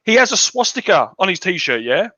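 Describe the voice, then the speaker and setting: A man's voice: high voice, sing-song, moderate pace, pushed and bright, slight background noise. An Australian man hosting a casual political chat, blunt and profane, ranting in a dull lo-fi recording. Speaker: podcast host.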